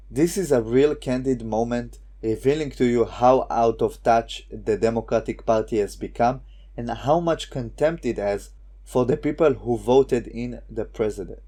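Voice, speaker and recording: A man's voice: mid-range voice, dark tone. A man delivering scripted online political commentary in a sarcastic, scornful way.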